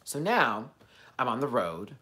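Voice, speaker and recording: Guy ranting on his vlog, sassy and cussing, gets loud then drops to mutters. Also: unhurried, background noise. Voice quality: animated, sassy, profane, swings between loud outbursts and low asides. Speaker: vlogger. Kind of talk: casual storytelling rant.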